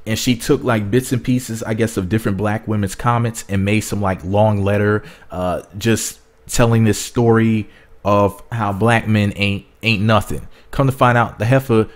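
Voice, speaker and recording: A man's voice: fairly low pitch, steady tone, normal speed. A man giving casual spoken commentary in a rambling way, repeating words as he goes. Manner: rambling, repeats words, drops into mocking voices. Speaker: vlogger.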